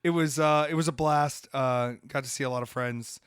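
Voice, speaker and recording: A man from the American South, hosting a podcast and telling a story in a loose, animated way, swearing now and then. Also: mid-range voice, normal speed, clean tone, dry recording, studio quality. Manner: animated, swearing, acts out voices in quotes. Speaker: podcast host. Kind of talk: casual storytelling.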